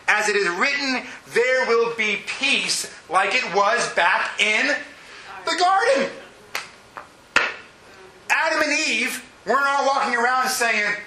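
A male pastor preaching an animated sermon, swinging between hushed asides and shouted peaks. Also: very high voice, reverberant, background noise.

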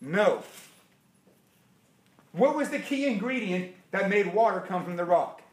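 A man preaching a sermon, animated and firing rhetorical questions at his listeners. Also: high-pitched, measured pace. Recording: echoey room.

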